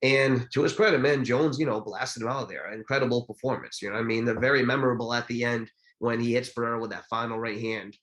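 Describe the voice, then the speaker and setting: A man co-hosting a podcast, telling boxing stories in a casual, animated way with lots of fillers. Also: mid-range voice, fast, few pauses, rough recording. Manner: animated storytelling with many fillers. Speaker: podcast co-host. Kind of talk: casual chat about boxing history.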